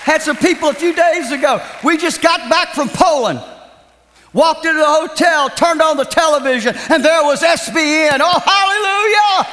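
A man with a Southern American accent, a television evangelist preaching and appealing for support in a fervent, shouting manner. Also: very high voice, normal speed, slight background noise. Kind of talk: sermon and fundraising appeal. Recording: reverberant hall, faint crowd.

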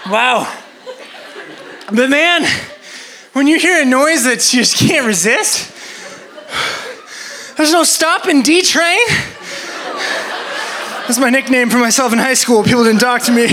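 Against a noisy background, a young youth preacher with a very high voice gives an energetic sermon to children. He sounds out of breath and keeps slipping in jokey, laughing asides.

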